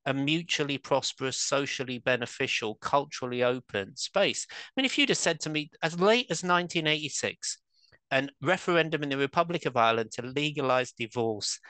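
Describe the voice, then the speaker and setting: A man in his fifties with a southern English accent talks as a podcast guest, building emphatic arguments and posing rhetorical questions. His voice is bright and crisp, and it sounds close and dry with no room echo. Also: fairly high pitch. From England. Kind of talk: conversational interview.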